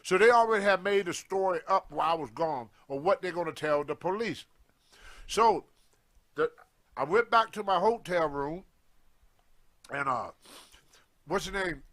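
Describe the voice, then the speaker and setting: Older man, high voice, animated storyteller who acts out the voices in his tale. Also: moderate pace, long pauses. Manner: animated anecdote, acting out quoted lines. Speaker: guest storyteller on a wrestling show. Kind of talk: casual storytelling.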